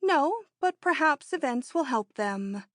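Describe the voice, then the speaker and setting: A woman reading an audiobook, voicing a bold, excitable rich young woman in an eager, emphatic way. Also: measured pace, no echo, studio quality, full character voice. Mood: confident. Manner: eager, emphatic, high-strung.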